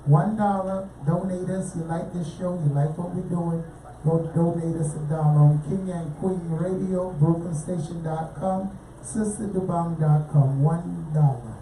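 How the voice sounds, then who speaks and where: A woman's voice: steady tone, a little slow, mellow. A woman hosting a casual radio show, chatting with guests and asking for donations. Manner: chatty, asks questions, drifts into pitches for donations. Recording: roomy, distant mic, faint noise.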